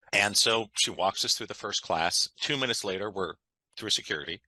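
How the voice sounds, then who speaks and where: A man's voice: on the low side, moderate pace, bright, forceful tone, dry recording, poor audio. A man, a guest on an interview, talking in an enthusiastic, conversational way and often checking in with "right?". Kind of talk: interview storytelling.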